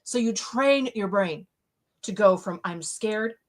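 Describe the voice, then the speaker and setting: A woman's voice: mid-range voice, a little slow. A middle-aged woman giving a live motivational talk, emphatic and repetitive with a preaching cadence. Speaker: motivational speaker.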